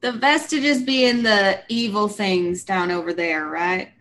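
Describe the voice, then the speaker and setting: A woman's voice: mid-range voice, slow pace, a bit bright, poor audio. A woman playing a tabletop game, chatting casually and describing her actions in a wry way. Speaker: player.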